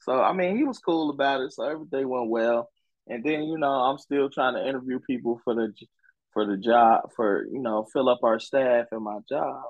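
A young adult man co-hosting a podcast, telling a story in casual, profane chat and acting out quotes in a higher voice. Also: normal speed, dry recording, muffled recording. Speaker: podcast co-host.

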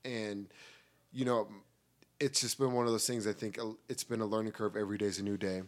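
A man with a lowish voice, a guest on a casual podcast. He talks in an easygoing, joking way, tossing off quips between longer thoughts. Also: steady tone, a little fast.

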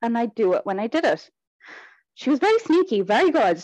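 A woman's voice: fairly high pitch, fairly quick, dry recording, rough recording. Chatty woman with a dry sound. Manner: chatty, goes off on tangents, animated. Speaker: guest. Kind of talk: casual interview chat.

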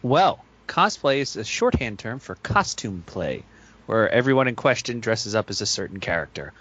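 A man's voice: on the low side, sing-song, normal speed, fairly bright tone, slightly rough, muffled recording. A man co-hosting a podcast, speaking in a dry, wry way. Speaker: podcast co-host, researcher. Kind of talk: casual podcast chat.

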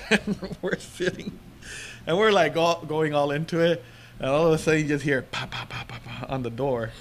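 A man's voice: fairly high pitch, normal speed, slight background noise. Man telling stories with frequent laughs. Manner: rambling storyteller, laughs often. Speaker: podcast co-host. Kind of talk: casual podcast chat.

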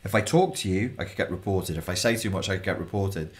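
A man with a Liverpool accent and a low-pitched voice, chatting casually as a coach. He tells stories in an animated way and slips into acted-out voices. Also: fast. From Liverpool, England. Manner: animated storyteller, acts out voices. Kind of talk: casual podcast chat.

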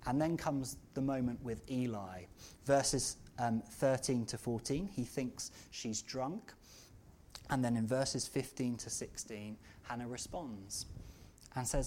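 A preacher delivers a Christmas-season sermon to a church congregation. The delivery is earnest and heartfelt. At its peaks it swells into loud, impassioned outcries. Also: mid-range voice.

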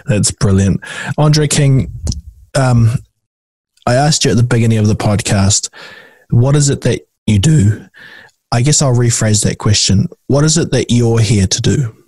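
A man's voice: mid-range voice, a little slow, dark tone, slightly rough, no room sound. A man hosting a podcast interview, egging his guest on and asking questions. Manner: encouraging, asks questions. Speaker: podcast host. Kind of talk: interview chat.

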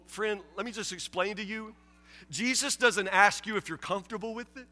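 High, bright-voiced preacher in echoing hall. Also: male voice, moderate pace. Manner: emphatic, repeats key phrases, acts out listeners' objections. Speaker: pastor. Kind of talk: sermon.

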